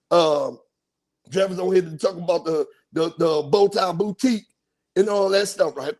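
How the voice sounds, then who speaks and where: A podcast host telling a crude, animated story in casual chat, acting out the people he quotes. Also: a little high, breathy edge.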